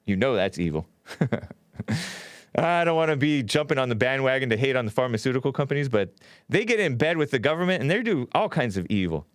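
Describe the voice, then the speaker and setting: A man's voice: mid-range voice, no room sound, studio quality. Sarcastic man hosting solo commentary. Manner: sarcastic, mocking asides between quoted statements. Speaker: podcast host. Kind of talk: solo commentary reading news aloud.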